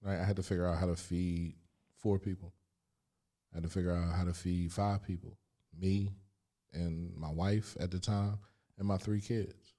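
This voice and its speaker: A middle-aged man from Chester, Pennsylvania, a guest telling his life story candidly, emphatic and animated, full of street slang. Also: deep voice, normal speed, long pauses.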